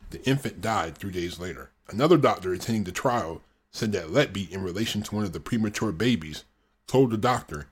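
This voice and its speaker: A man's voice: low-pitched, lively intonation, brisk, breathy edge. A man hosting a podcast, reading true-crime narration with the odd dry, sarcastic aside. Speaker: podcast host.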